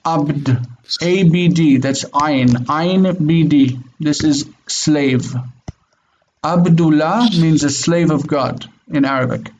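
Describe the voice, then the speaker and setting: Teaching Hebrew in an online session, a man patiently explains and backs up his students with frequent "mm-hmm"s. He speaks slowly in a voice on the high side with some mellowness, and the audio is dull, lo-fi and faintly noisy.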